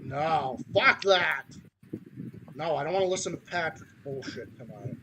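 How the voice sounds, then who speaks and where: A man's voice: fairly high pitch, expressive, a little slow, noisy background. A man from Massachusetts with a Massachusetts accent, hosting a podcast in a heated, profane ranting style. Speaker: podcast host.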